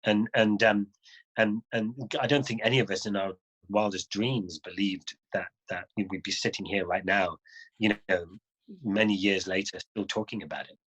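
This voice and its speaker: Middle-aged man as a guest rider: fairly low voice, chatty storytelling that acts out the voices of people he met. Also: moderate pace, slightly rough, poor audio. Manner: animated, acts out other people's lines in the stories he tells. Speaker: guest adventure motorcyclist. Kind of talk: casual conversational storytelling.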